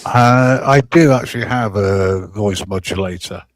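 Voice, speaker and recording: A man's voice: fairly low pitch, unhurried, no echo. A man from the Wirral with a Wirral English accent, chatting casually on a stream with a wry, self-deprecating manner. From England, the Wirral. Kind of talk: casual chat.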